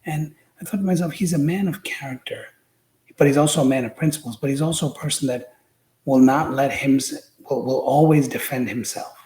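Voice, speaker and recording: A man's voice: medium pitch, brisk, roomy sound, poor audio. A man talking as a podcast guest, telling stories with animation and acting out the quotes. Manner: animated storyteller, acts out quotes. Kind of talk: casual political chat.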